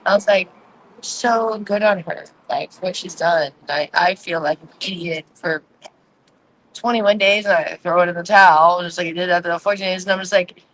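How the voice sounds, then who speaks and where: A woman's voice: lowish voice, normal speed, fairly bright tone, a little hiss or hum, rough recording. Candid forty-year-old woman rambling. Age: 40s. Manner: candid, rambling and confessional, with many fillers. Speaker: vlogger hosting a livestream. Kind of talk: casual livestream chat. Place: outdoors on a quiet city street at night. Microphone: phone on a tripod, no earphones.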